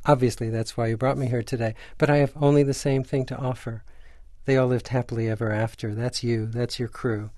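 A man's voice: medium pitch, fairly quick, no room sound, studio quality. An older man, a screenwriter, telling a story in a radio interview and acting out the voices of the people in it. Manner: animated anecdote teller, acts out quoted voices. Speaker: screenwriter guest.

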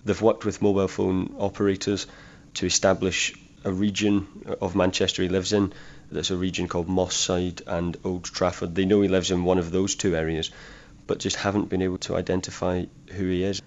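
Correspondent: man, low and even voice, plain explanatory manner, dull lo-fi sound. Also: a little fast, few pauses. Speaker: crime correspondent. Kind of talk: remote news interview.

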